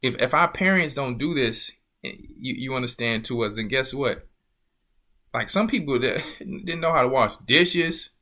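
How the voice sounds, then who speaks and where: Bright-voiced preaching man, emphatic. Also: mid-range voice, animated, moderate pace. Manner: emphatic, rhetorical questions, scolding. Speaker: church elder. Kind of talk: preaching talk.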